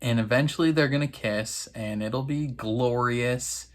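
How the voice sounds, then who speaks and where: Chatty man reacting with wry laughs. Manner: acts out characters' lines in quick high voices. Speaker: reaction video host. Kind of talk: casual reaction commentary.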